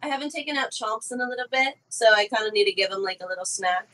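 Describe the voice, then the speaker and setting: A woman's voice: fairly high pitch, fast, a bit bright. A woman playing in a tabletop game, chatting in a laid-back, giggly way. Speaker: player. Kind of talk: casual tabletop play.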